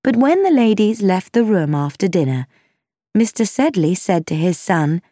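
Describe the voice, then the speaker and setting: Slow, mellow woman storyteller. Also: fairly low pitch, no echo, studio quality. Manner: slow, measured reading with lively intonation. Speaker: narrator. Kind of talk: storybook narration.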